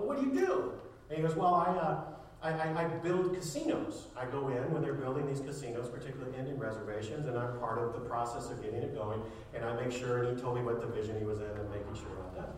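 A male pastor preaching a sermon, animated while telling a story and soft and earnest when he makes his appeal. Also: medium pitch. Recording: echoey room mic from a distance with background noise.

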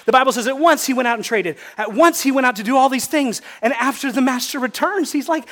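A high-pitched man delivers a sermon as pastor. He is emphatic and hammers home his points by repeating words again and again. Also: fast, hardly any pauses, a bit bright.

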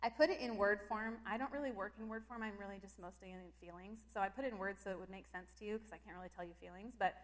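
A woman's voice: medium pitch, fast, hardly any pauses. A woman telling a personal faith story in a casual, emotional way, with lots of filler words. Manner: emotional and animated, lots of "like" fillers, breaks into laughter. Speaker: Christian speaker sharing personal testimony.

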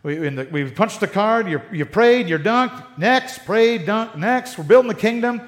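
A man's voice: high-pitched, lively intonation, moderate pace. An American man preaching a sermon in a conversational way, with sarcastic asides. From United States. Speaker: pastor.

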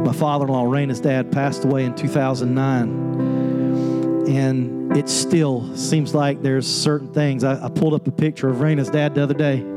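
A pastor preaching an earnest sermon on grief, rising to an impassioned pitch. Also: male voice. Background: soft guitar music.

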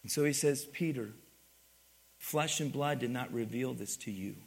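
A man preaching a sermon, moving from quiet teaching to loud, emphatic passages and asking the congregation for responses. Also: mid-range voice, normal speed, gravelly, slightly rough. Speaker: pastor.

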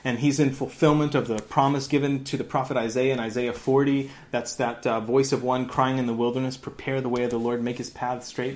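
A man in his thirties, a pastor giving a lively sermon, laughing often and dropping into sarcasm. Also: medium pitch.

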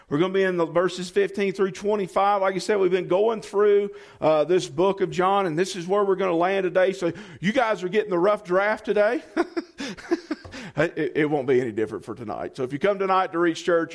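A man preaching a sermon in a folksy, animated way, with many fillers. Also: high voice. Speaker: guest pastor.

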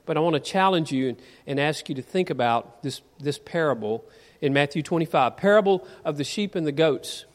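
Earnest preacher in a reverberant church. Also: male voice, fairly high pitch, lively intonation, fairly quick. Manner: earnest, rhetorical questions to the congregation. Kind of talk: sermon. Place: church sanctuary.

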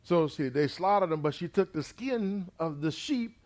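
A man preaching a sermon. He retells a scripture story in his own words, dropping in "amen" and swinging between loud and quiet. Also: on the high side, animated, normal speed.

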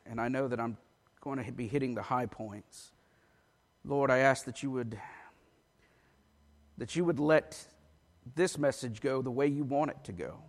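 A pastor preaching a sermon in a church, reading scripture aloud with an emphatic delivery. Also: male voice, mid-range voice. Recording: long reverb of a large hall.

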